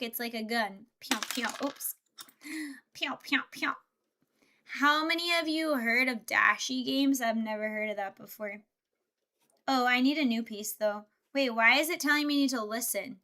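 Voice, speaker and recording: A woman's voice: high-pitched, sharp tone. A woman livestreamer chatting casually and laughing often, thinking aloud as she builds Lego.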